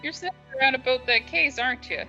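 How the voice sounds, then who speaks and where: A woman voicing a gruff, suspicious male prison governor in a mock Scottish accent, over dull lo-fi stream audio. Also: sits high, fast talker, sharp tone, soft background music, pitched above the performer's own voice. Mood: hostile. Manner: hostile, blustering.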